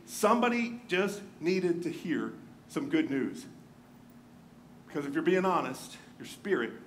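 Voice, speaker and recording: Male pastor, high-pitched, animated storyteller who drops to hushed tones; faint background noise. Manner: animated storytelling, dropping to a hushed near-whisper for emphasis. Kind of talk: sermon. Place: church sanctuary.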